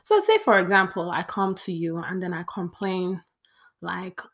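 A woman's voice: lowish voice, sing-song, a little slow, a bit bright. A young woman, chatting playfully to camera as she counts off a list. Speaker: vlogger. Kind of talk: casual talk to camera.

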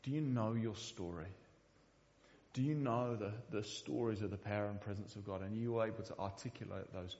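A man's voice: fairly low pitch, fairly quick, a little mellow, in a large hall, dull audio. A man preaching a sermon in a church, speaking earnestly and often repeating the first word of a sentence. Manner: earnest, repeats words when starting sentences. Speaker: pastor.

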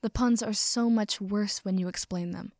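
A woman voicing a weary young man with a dry, deadpan delivery. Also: mid-range voice, normal speed, no echo, natural voice.

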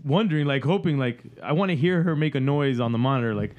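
A man's voice: medium pitch, fast. A man, a parent of a baby girl, telling stories animatedly in casual chat. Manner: animated storyteller, acts out voices.

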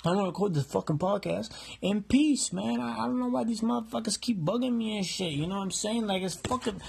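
A man's voice: sits high, fairly quick, gravelly, slight background noise. A man doing a crude, profane comedy rant as a podcaster, recorded on a phone held in hand. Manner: crude, ranting, swears constantly.

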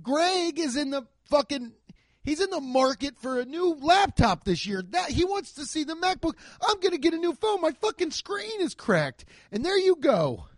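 A man doing a casual comedic rant, profane and excitable, acting out the voices of people he quotes, on a handheld mic. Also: extremely high pitch, moderate pace, dry recording. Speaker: stand-up comedian. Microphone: handheld microphone.

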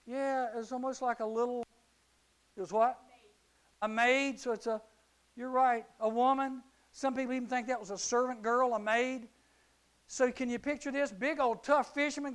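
High-voiced man preaching a lively sermon. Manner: animated storytelling, acting out characters, shouting at peaks. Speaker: youth preacher.

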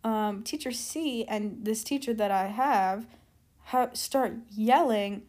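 A woman's voice: a little high, slow, darkish tone. Chatty young woman telling a story. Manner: chatty, lots of "like" and "keep in mind" asides; rambling, loses her train of thought and backtracks. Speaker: storytime vlogger. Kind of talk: casual storytelling.

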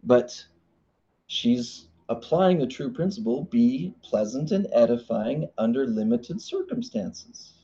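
A man leading a live marriage workshop, animated and playful, acting out the voices he quotes. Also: medium pitch, measured pace, few pauses, lo-fi sound.

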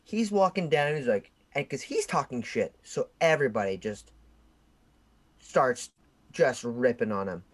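A man's voice: mid-range voice, measured pace. A young man co-hosting a podcast, telling a story in casual chat and acting out the people in it. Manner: animated storyteller, shouts out quoted voices. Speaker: podcast co-host.

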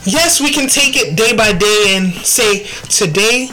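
A woman hosting a faith podcast, speaking earnestly and reflectively, quoting scripture and pausing to think aloud. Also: medium pitch, animated, bright, forceful tone, soft background music, low-quality recording. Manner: earnest and reflective, quotes scripture, slow deliberate delivery. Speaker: podcast host.

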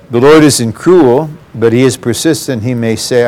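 A man's voice: mid-range voice, normal speed, hardly any pauses, darkish tone. A man preaching a sermon, earnest and addressing the congregation directly.

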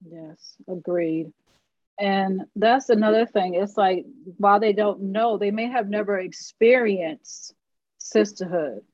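A woman hosting a casual faith-based group discussion, affirming and quick to get emotional. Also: medium pitch, no echo, dull audio. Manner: warm and affirming, gets emotional. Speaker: host.

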